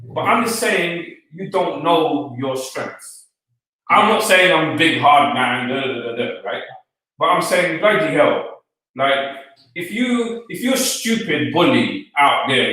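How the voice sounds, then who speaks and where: A man telling an animated story as an interview guest, acting out the other people's lines in quotes. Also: mid-range voice, measured pace, far from the mic. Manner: retells the scene, voicing each person in quoted lines. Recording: echoey room, speaker off-mic.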